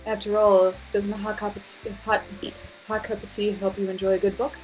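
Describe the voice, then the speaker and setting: A woman doing a soft shy bookish girl. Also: little pitch movement, a little fast, faint music behind, close to an everyday voice, low-quality recording. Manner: quiet, hushed, lowered voice.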